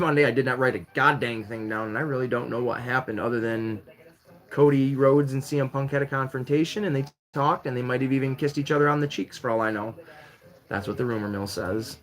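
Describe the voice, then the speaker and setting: A man with a mid-range voice hosts his own live-stream variety show. He rambles and jokes at a loose, chatty pace, with sudden excited jumps in pitch. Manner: rambling, jokey, lively swings in pitch while building Lego. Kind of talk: casual live-stream chat.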